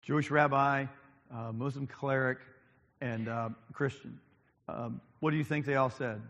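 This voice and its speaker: A man's voice: medium pitch, a bit bright, dull audio. Man preaching with ums in a reverberant hall. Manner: preaching with frequent ums, repeating lines for emphasis. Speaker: pastor. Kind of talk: sermon. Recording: long reverb of a large hall.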